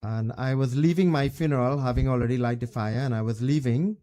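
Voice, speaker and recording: A man's voice: medium pitch, fairly quick, dark tone. A Trinidadian man, a Hindu pundit, giving a funeral eulogy and telling a religious story in a plain, conversational way.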